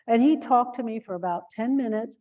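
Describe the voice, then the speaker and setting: Woman teaching shelter volunteers, mellow warm voice, earnest, lots of um and uh. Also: fairly high pitch, brisk. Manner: earnest, instructive, with many fillers and restarts; acts out example phrases in a lifted voice. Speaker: volunteer trainer. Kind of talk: training talk to volunteers.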